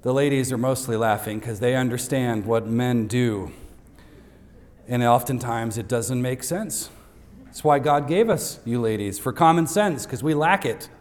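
A man's voice: medium pitch, a little slow, darkish tone. A man preaching a Father's Day sermon in a church as pastor, stressing and repeating his main points, with touches of humor for the congregation. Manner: emphatic, repeats key points for note takers; light humor aimed at the congregation. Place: church sanctuary.

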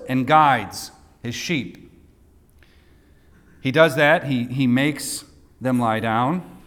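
A man's voice: mid-range voice, a bit bright. Male pastor mid-sermon, conversational teaching with asides, long hall reverb. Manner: teaching, with light asides and repeated words.

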